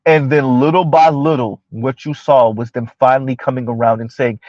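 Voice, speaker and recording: A man hosting a casual livestream, talking directly to his viewers and slowing down to make his points very deliberately. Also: mid-range voice, steady tone, darkish tone, dry recording, lo-fi sound. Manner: addresses viewers directly, slows down to stress points; refers to himself in the third person. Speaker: livestream host reading chat comments.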